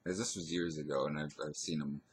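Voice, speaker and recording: A man telling a personal story in a casual, hesitant way, pausing and restarting often. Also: a bass voice, level tone, breathy edge. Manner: hesitant, rambling, full of pauses and restarts.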